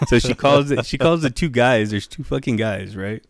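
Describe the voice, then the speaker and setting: A man's voice: medium pitch, moderate pace, vocal fry, no room sound. Guy telling a wild story, cussing nonstop, laughing, dry close sound. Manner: profane, laughing anecdote teller. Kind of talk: casual storytelling chat.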